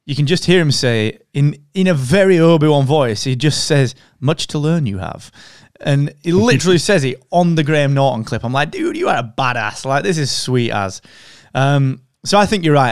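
Smooth-voiced man hosting a podcast. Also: medium pitch, dry recording, clean studio sound. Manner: relaxed and conversational, drifting into an upbeat show plug. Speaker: podcast host. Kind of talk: casual chat.

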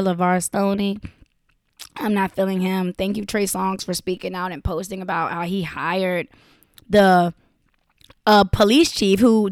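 A woman's voice: mid-range voice, no echo, clean studio sound. A young woman talking straight to her viewers, blunt, profane and impassioned. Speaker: vlogger. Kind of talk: casual direct-to-camera talk.

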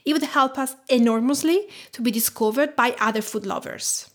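A woman from Tuscany in her thirties with an Italian accent, hosting a podcast in measured, reflective scripted narration. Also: fairly high pitch. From Tuscany, Italy. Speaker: podcast host and home cook.

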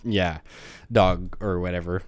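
A young man telling a rambling story in casual chat, deadpan and swearing freely. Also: deep voice, unhurried, no room sound, studio quality. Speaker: podcast co-host.

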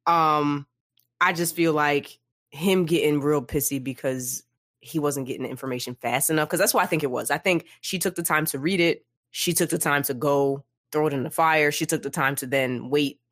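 A woman co-hosting a casual book discussion podcast, animated, acting out characters in quick asides. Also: sits low, dry recording, studio quality. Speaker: podcast co-host.

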